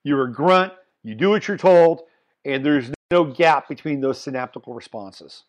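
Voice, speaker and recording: Blunt, animated man talking politics. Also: mid-range voice, normal speed. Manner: animated, blunt, swings between loud emphasis and muttered asides. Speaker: podcast host. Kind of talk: solo political commentary.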